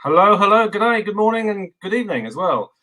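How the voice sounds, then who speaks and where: A man from England as a guest in a casual video interview, relaxed and rambling with many fillers. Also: high-pitched, quick pace, rough recording.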